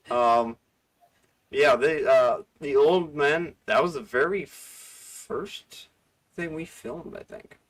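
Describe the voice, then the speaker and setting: A man's voice: a little high, lively intonation, drawn-out words, pauses often. A man hosting a casual livestream, rambling, correcting himself and laughing often. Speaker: livestream host.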